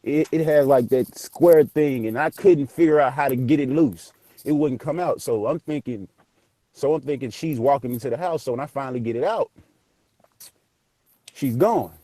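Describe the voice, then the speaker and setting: A man tells a ghost story casually, animated and profane, acting out the voices. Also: mid-range voice, moderate pace, no room sound. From Memphis area, US South. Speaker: guest telling a ghost story.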